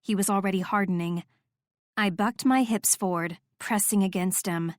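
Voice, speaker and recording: A woman reading a first-person romance audiobook in a soft, intimate, measured voice. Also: mid-range voice, no room sound, clean studio sound. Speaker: audiobook narrator.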